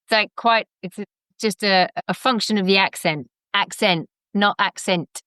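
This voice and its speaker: Bright London woman, chatty and reflective. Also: mid-range voice, steady tone, moderate pace, clean tone, no echo. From England. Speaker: guest, education center founder. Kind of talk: casual podcast interview.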